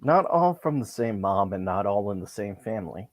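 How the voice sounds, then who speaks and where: Brief: low-pitched man, halting delivery full of restarts, dry close recording. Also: lively intonation, dry recording. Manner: halting, restarts and repeats words. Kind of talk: casual chat.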